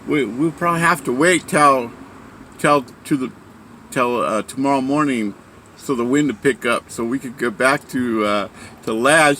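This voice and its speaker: A man's voice: medium pitch, moderate pace, bright, forceful tone, a little hiss or hum. A man casually telling a story about a sailing trip, rambling with many fillers and restarts. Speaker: speaker sharing a story.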